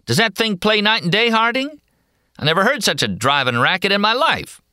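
Brash high-pitched hustler, cocky auctioneer patter, bright and loud. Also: male voice, sing-song, brisk, no room sound, studio quality, exaggerated voice. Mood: rowdy patter. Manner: rowdy, cocky, swaggering. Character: brash loud male card-dealing patient, hustler.

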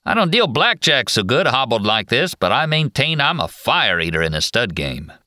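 A man's voice: mid-range voice, sing-song, normal speed, bright, forceful tone, no room sound, studio quality, pitched above the performer's own voice. A man voicing a brash, swaggering male patient with a drawling cowboy accent. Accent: American cowboy drawl.

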